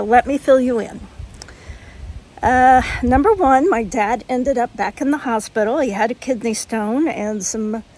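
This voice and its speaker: A woman's voice: on the high side, a little mellow. An older woman chatting frankly in a casual home vlog, folksy, with frequent ums. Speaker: vlogger.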